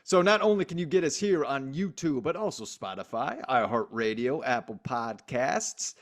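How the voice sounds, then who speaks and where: A male sports podcast co-host chats casually at a normal speed in a medium-pitched voice. He's energetic and emphatic, laughing often.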